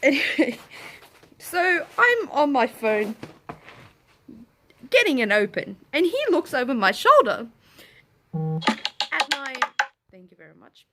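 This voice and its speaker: A woman's voice: high-pitched, slow, pauses often, soft background music. A young woman telling a story to camera in a casual rant, swearing, laughing and acting out what people said. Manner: animated, swears, breaks into laughter, acts out quotes in shouts. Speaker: vlogger. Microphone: camera in front of her.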